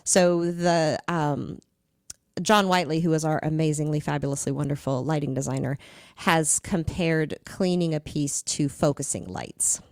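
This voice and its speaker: A woman's voice: low voice, fairly even intonation, normal speed, darkish tone, no room sound. A middle-aged woman, a dance instructor, explaining with enthusiasm and everyday comparisons in casual conversation.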